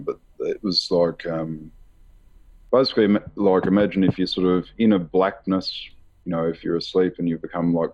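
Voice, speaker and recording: Low husky man, halting storyteller. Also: a little mellow, highs cut off. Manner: halting, rambling, many fillers; laughs nervously. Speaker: author being interviewed. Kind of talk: candid conversational storytelling.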